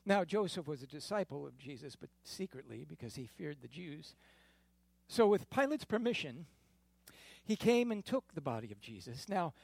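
A man narrating a dramatic scripture reading in a deliberate, expressive storytelling manner. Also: a little high, creaky, no room sound. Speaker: scripture reader.

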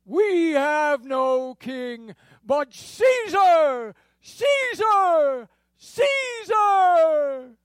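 A man voicing a stern, zealous chief priest in a dramatic scripture reading, declaring loudly and forcefully. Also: very high voice, sing-song, very slow, no room sound, studio quality, pitched above the performer's own voice, heavily acted. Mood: vehement.

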